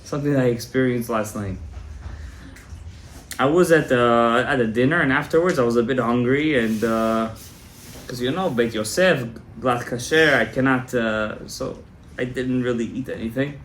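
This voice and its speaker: A male rabbi telling a story in a Torah class, animated and joking, mixing in Hebrew terms. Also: medium pitch, moderate pace, a little hiss or hum. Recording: echoey room, faint background.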